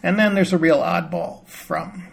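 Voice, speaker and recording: A man calmly explaining a word's spelling and pronunciation in a patient, plain-spoken teaching manner. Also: high-pitched, a little slow, vocal fry, husky. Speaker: reading teacher. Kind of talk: explanatory lesson.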